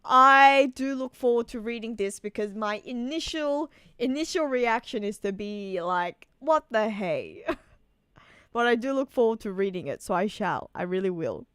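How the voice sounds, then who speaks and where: Woman, live stream chat, bit high voice, dry close sound. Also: animated, unhurried, fairly bright tone, clear, resonant tone, no room sound. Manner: chatty, reads out and answers viewer messages. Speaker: streamer reacting to a manga chapter.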